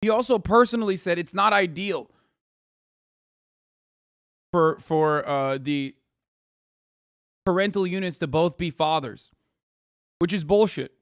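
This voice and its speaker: A man's voice: high voice, unhurried, long pauses, dry recording, studio quality. Blunt, profane male streamer. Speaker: streamer reacting to a clip. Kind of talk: casual heated commentary.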